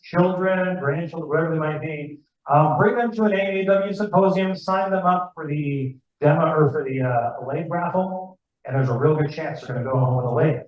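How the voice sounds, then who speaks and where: Chatty man talking in an echoey room. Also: on the high side. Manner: chatty, rambling, asks the room questions. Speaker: club demonstrator giving a talk. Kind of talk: casual club talk to an audience. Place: club meeting room. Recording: far-off, echoey, muffled room recording.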